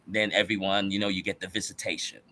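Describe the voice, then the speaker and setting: Animated male podcast guest, slangy storyteller, bright tone. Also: low-pitched, fast talker. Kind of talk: casual chat.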